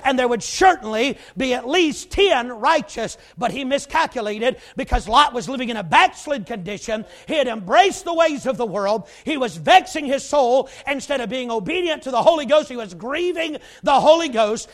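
A preacher with an unusually high voice delivering a sermon. He is folksy and emphatic, with joking asides, and often swells to shouting. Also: expressive, normal speed, few pauses.

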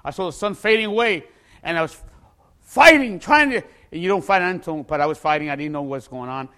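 A man telling a dramatic personal story, acting out the people in it and bursting into shouts at the tense moments. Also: on the high side, lively intonation, quick pace. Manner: acts out the people in his story. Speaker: storyteller giving a personal testimony.

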